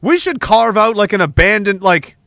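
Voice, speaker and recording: Male podcast host, angry profane ranter, sarcastic, pitched high. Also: animated, normal speed, bright, forceful tone, no echo. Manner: sarcastic asides. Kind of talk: livestream rant reading chat messages.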